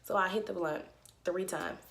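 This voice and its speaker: A young woman vlogger telling a story to her viewers in an animated, slangy way. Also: fairly low pitch, moderate pace. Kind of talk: storytime vlog.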